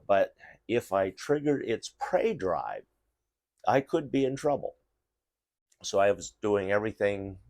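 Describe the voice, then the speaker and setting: A man's voice: deep voice, no room sound. A middle-aged man casually telling a rambling story while giving tips, with frequent restarts and fillers. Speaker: vlogger giving dog safety tips.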